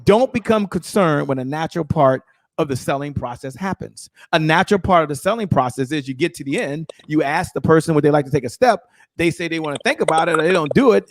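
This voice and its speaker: Male sales coach on a live show, quick emphatic delivery, somewhat high voice. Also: gravelly, no echo, clean studio sound. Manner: energetic, emphatic, acts out sales dialogue.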